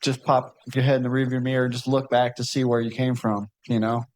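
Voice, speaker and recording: A man's voice: mid-range voice, level tone, a little fast, a little mellow, no room sound, rough recording. A man co-hosting a casual podcast in a studio, talking in a rambling, reflective way with lots of fillers like "you know" and "like". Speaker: podcast co-host. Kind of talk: casual chat.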